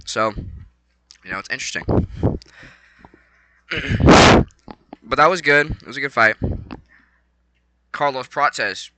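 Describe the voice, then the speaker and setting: A young man rambling casually about a fight night, excitable and slangy, swinging between low mumbles and loud bursts. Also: takes it slowly, long pauses, very noisy. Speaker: vlogger.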